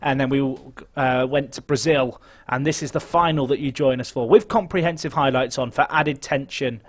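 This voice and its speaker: Muttering one moment and shouting the next, a young man gives excitable, nervous live commentary on a football management game. The game streamer speaks chattily, with a medium pitch at a moderate pace.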